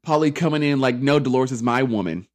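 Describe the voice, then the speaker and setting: Sassy podcast host in his thirties, mid-pitched, chatty and profane, reality-TV recap. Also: fast. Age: 30s. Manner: sassy, animated, profane, full of asides.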